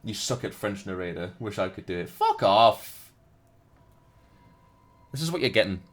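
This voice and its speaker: Male streamer reading game narration with flair; crude, joking asides; very animated pitch. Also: unhurried, long pauses. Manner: jokey and profane, reads narration dramatically. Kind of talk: live-streamed game reading and chat banter.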